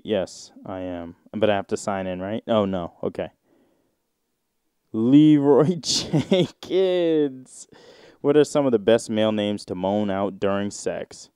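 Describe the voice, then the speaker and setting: A man hosting a casual solo podcast, reading search results aloud and riffing on them in a rambling, drawn-out way with sudden mocking outbursts. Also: lowish voice, dark tone, smooth, dry recording, studio quality. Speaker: podcast host.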